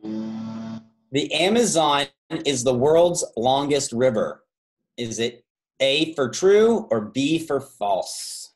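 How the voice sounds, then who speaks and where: A man's voice: medium pitch, lively intonation, faint music behind. Man hosting a trivia quiz on a video call. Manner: reads multiple-choice options slowly, stretching key words; chatty asides and self-corrections. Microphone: video call microphone.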